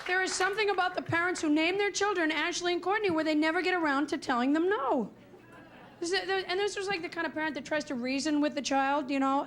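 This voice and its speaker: A woman's voice: extremely high pitch, fast talker, fairly bright tone. Woman, stand-up emcee, chatty, talks to the crowd, hissy live tape. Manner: chatty, talks straight to the audience. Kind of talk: stand-up comedy routine. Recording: live club set with audience and hiss. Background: audience laughter.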